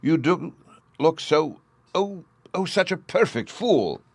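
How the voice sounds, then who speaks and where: A man's voice: fairly high pitch, lively intonation, slow pace, creaky, dry recording, pitched above the performer's own voice, full character voice. A man reading an audiobook, voicing a flustered, timid noblewoman who stammers and pleads. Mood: excited.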